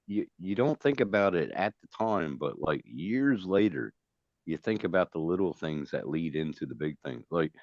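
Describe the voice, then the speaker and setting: Very deep-voiced man on a dull, dry mic. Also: moderate pace, dry recording. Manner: loose, swears, lively when quoting. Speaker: host. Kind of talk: casual chat.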